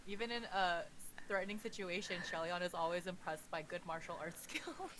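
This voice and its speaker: A woman's voice: on the low side, expressive, moderate pace, background noise. A woman co-hosting a podcast who recaps a novel in a chatty way, stopping to react as she goes. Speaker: podcast co-host. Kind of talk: casual story recap.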